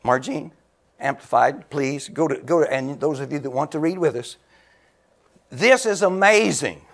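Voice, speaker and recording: A man in his seventies preaching a sermon, exclaiming loudly, laughing between phrases and dropping to a near whisper for emphasis. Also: fairly high pitch, normal speed, vocal fry. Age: 70s.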